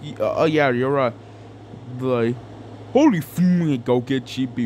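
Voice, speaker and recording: A man's voice: mid-range voice, a little slow, darkish tone, slight background noise. A young man doing an improvised comedic fan dub, rambling and crude with lots of fillers. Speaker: fan dubber.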